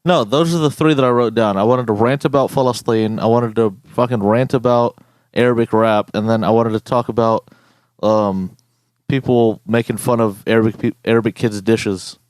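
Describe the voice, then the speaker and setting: A young man hosting a podcast, ranting in a casual, profane, animated way. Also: mid-range voice, normal speed, no echo. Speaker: podcast host.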